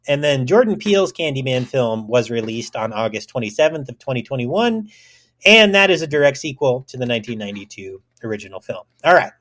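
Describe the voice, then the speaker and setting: A man's voice: mid-range voice, fairly bright tone. A man co-hosting a casual podcast, rambling and joking, swearing freely as he reads out film trivia. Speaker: podcast co-host.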